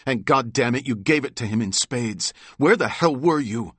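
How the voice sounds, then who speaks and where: A man's voice: mid-range voice, expressive, normal speed, fairly bright tone, slightly rough, dry recording, voice pushed up. A man reading an audiobook, voicing a hot-tempered teenage older brother who demands answers. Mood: angry.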